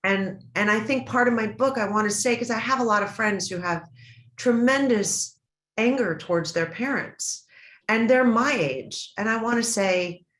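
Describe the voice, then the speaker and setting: A woman's voice: on the high side, a bit bright. Earnest middle-aged woman, echoey room. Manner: emotional, earnest, halting with many restarts. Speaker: interview guest. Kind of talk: personal storytelling in an interview. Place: event stage or hall.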